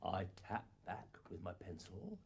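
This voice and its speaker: An actor playing an elderly father in a lonely farmhouse, a shrewd and wry man telling his story slowly in a husky voice. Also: deep voice, very animated, a little mellow, exaggerated voice. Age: older. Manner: slow storytelling with playful sound imitations. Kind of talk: acted monologue recollection.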